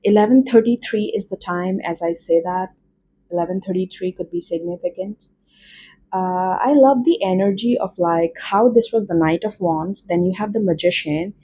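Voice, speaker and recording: A woman's voice: medium pitch, mellow, husky, rough recording. A woman with an Indian accent doing a casual tarot reading, chatty and rambling with many fillers. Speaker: tarot reader.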